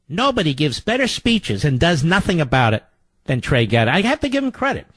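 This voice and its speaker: A man's voice: a little high, very animated, fairly quick, a bit bright, breathy edge, no echo. A man hosting a political talk radio show, delivering a sarcastic, mocking monologue.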